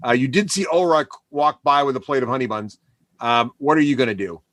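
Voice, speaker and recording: A man running a live tabletop role-playing session as dungeon master, laughing often and pausing with many uhs. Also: medium pitch, fairly bright tone, dry recording, studio quality. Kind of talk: running a tabletop game, voicing characters.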